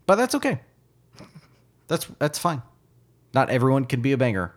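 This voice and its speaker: With a mid-range voice that swings widely in pitch, a man at normal speed co-hosts a podcast, chatting casually and wryly with dry humor.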